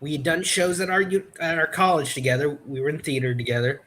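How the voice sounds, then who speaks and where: A man chatting casually on a podcast, telling stories in a halting way with many restarts and fillers. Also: on the high side, fairly even intonation, fairly bright tone, a little hiss or hum. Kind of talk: casual chat.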